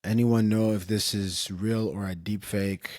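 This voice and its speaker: A man's voice: lowish voice, fairly even intonation, a little slow, a little mellow, no room sound, studio quality. A man streaming casual commentary in a rambling, self-interrupting way, often trailing off and restarting.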